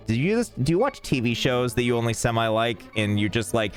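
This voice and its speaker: Speaking a little fast with hardly any pauses, a man with a mid-range voice streams a game live, chatting and joking with chat in an irreverent, rambling manner and cursing freely. Soft music plays underneath.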